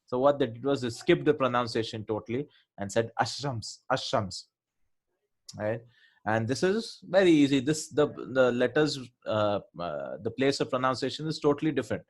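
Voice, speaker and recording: A man teaching a revision lesson on Arabic letters and pronunciation, explaining step by step and often checking in with his students. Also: medium pitch.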